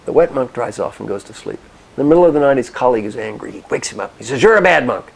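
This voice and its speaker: A man giving a motivational talk, guiding listeners through reflection and telling stories in an expressive, directive way. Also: medium pitch, gravelly, low-quality recording. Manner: expressive, directive, with soft pauses. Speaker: motivational speaker and coach. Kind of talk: guided reflection and storytelling talk.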